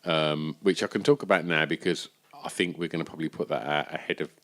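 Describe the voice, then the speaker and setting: A man's voice: extremely low pitch, fast talker. A man co-hosting a podcast, telling a story in casual banter and acting out the people he quotes. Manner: animated storyteller, acts out quoted voices. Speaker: podcast co-host.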